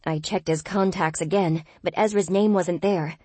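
A woman narrates a first-person audiobook in a tense, expressive reading. Her voice is low and husky, recorded close in a dead-dry studio. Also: normal speed, dry recording.

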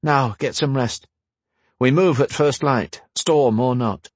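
A man voicing a fiery young warrior princess in a storybook reading, sharp and commanding. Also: mid-range voice, slow, no echo.

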